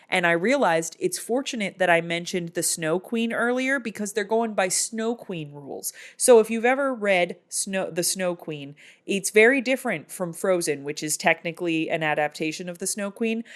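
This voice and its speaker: A woman hosting a casual movie recap, telling the plot in a lively way and acting out the characters. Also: medium pitch, moderate pace. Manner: animated storytelling that acts out characters. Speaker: film recap host.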